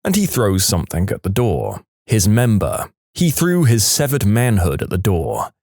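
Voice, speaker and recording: A man's voice: on the low side, sing-song, measured pace, a little mellow, no room sound. A man narrating a series of short workplace stories in a scripted voice-over, adding his own dry asides between them.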